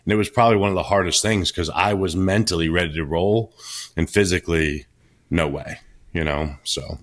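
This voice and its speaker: A man's voice: low-pitched, fairly quick. A man who coaches clients, talking bluntly and laid-back on a podcast, with casual swearing.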